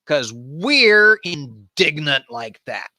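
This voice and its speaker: A man's voice: a little high, very animated, extremely slow, bright, forceful tone, no echo, exaggerated voice. A man doing whiny indignant tribesmen. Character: petty, indignant band of male tribesmen.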